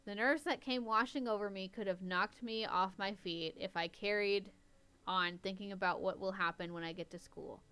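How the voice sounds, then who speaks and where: A woman's voice: mid-range voice, a bit bright, clear, resonant tone. A woman podcast host reading a story aloud in a casual way, stopping to poke fun at the writing. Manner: wry, stops to mock the writing. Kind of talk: casual reading with running commentary.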